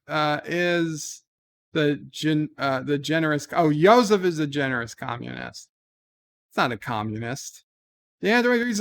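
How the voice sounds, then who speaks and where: A man hosts a relaxed livestream and reads out his chat with lively emphasis. His voice sits a little high and sounds clean and smooth. Now and then he hams up the messages as he reads them. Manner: reads viewer messages aloud with animated emphasis. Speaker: livestream host reading chat. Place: home, talking from bed.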